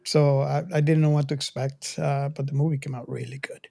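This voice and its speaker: A man's voice: medium pitch, flat delivery, fairly quick, gravelly, warm tone. A man hosting a podcast in casual chat, hesitant and repeating his words. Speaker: podcast host leading the segment.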